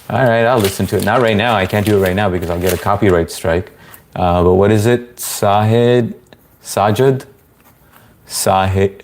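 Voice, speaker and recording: Deep-voiced male streamer, relaxed rambling chat with viewers. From Indian family background. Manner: laid-back, rambling, many fillers. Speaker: livestream host. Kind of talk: casual live chat reading comments.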